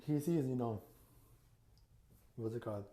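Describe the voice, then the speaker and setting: A man with a very dark, mellow voice at a middle pitch loosely tells an imagined story. He rambles casually, stumbling through fillers and false starts as he goes. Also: a little slow. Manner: rambling, loose retelling with many fillers and restarts. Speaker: YouTuber. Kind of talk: casual fan-fiction storytelling.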